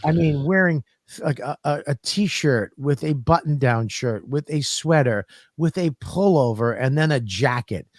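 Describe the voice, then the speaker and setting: Profane, animated man telling stories. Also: a little high, measured pace, hardly any pauses, dry recording, studio quality. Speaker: podcast co-host. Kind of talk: casual comedic chat.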